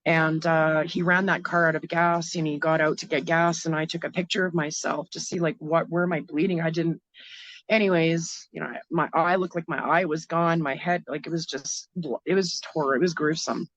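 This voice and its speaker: A woman from Canada, a guest in an interview, telling a hard personal story in a frank, halting way with many fillers and restarts. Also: low-pitched, steady tone, fairly bright tone, no echo.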